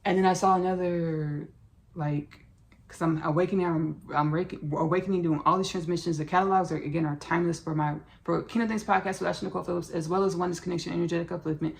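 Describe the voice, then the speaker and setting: A woman's voice: lowish voice, steady tone, quick pace, creaky. A woman hosting a podcast in casual spiritual talk, effusive and rambling, repeating herself and calling listeners "baby" and "y'all". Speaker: podcast host.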